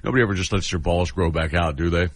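Husky, very low-voiced man. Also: fast, no room sound, studio quality. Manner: rambling, self-deprecating. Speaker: podcast co-host. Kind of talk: crude casual banter.

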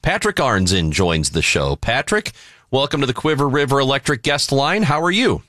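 A man in his forties hosts a radio talk show in a bright voice that rises and falls a lot. He asks playful, joking questions. The sound is close and dry. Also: mid-range voice, big pitch swings, normal speed, no echo. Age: 40s.

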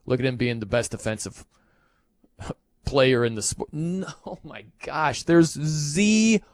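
A man's voice: medium pitch, measured pace, no echo. A man hosting a sports talk show, ranting emphatically and incredulously with frequent laughs. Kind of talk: opinionated sports talk rant.

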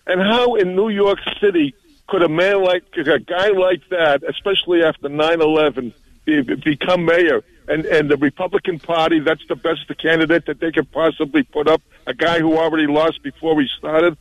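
A man's voice: fairly high pitch, fairly even intonation, moderate pace, dry recording. A man calling in to a radio show, indignant and stammering, repeating his words. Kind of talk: call-in complaint. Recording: dull phone line.

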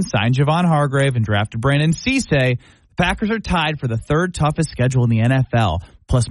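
Sports radio co-host, conversational, reads odds aloud, slightly high pitched, dry close studio sound. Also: male voice, no echo. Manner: conversational, reads stats off an article.

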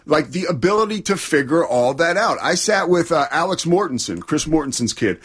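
Husky, lively male sports talk co-host, conversational and eager. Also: fairly high pitch, a little fast.

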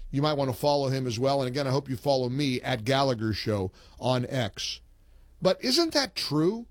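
A male talk radio host speaks emphatically into a close studio mic, and the sound is dry. His voice sits a little high for a man. He delivers his points in short, punchy phrases. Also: no echo.

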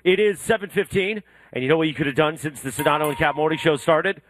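A man's voice: on the high side, fast talker, slight background noise. A man hosting a live morning radio show from an aquarium, reading sponsor spots in an upbeat announcer tone. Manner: upbeat, reads promos in a lively announcer tone. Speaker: radio host. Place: live broadcast from an aquarium exhibit.

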